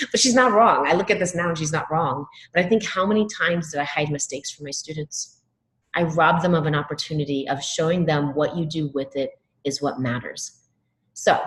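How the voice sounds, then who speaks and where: A middle-aged woman giving a motivational talk to educators, telling animated classroom stories and acting out what students say. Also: sits low, low-quality recording. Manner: animated storytelling, acts out quoted students. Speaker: education speaker.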